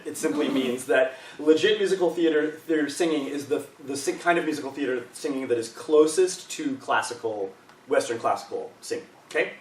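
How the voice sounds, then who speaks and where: A man's voice: a little high, distant mic. A man leading a choral workshop, patiently and encouragingly explaining vocal exercises to a group of singers. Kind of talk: live choir workshop teaching. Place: rehearsal room with a group. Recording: echoey room, speaker off-mic, faint hiss.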